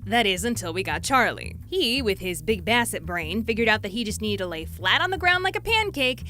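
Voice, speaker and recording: A young adult woman telling a comedic story in a playful, animated way, swinging her voice up and down as she acts out the people she quotes. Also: medium pitch, fairly quick, soft background music. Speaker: storytelling YouTuber.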